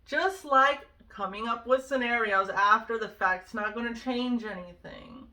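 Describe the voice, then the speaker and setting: A woman speaks in an earnest, conversational way, sharing personal advice and checking in with asides. Her voice is bright and forceful, and it sits a little back from the mic. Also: on the high side, a little slow, distant mic. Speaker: vlogger sharing self-help advice. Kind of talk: casual personal advice talk.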